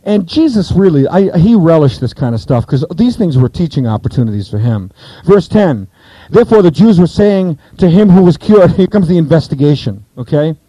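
Animated man preaching a sermon. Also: fairly high pitch, normal speed, few pauses, dry recording, poor audio. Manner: animated, conversational, acts out voices in Bible stories. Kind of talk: expository sermon.

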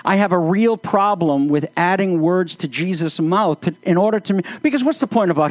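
A man's voice: high-pitched, expressive, moderate pace, hardly any pauses, no room sound. A man speaking as a pastor in sermon-style commentary, earnest, with flashes of exasperated sarcasm.

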